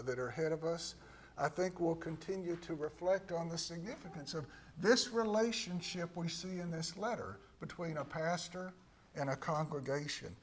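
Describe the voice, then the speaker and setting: A man preaching a sermon as pastor, slow and emphatic, repeating key words and sometimes dropping to a hush. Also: high voice.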